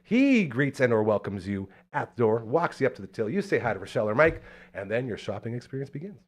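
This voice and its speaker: A man hosting a live local talk show with energetic, hype delivery, from Canada. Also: medium pitch, fast talker. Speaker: host.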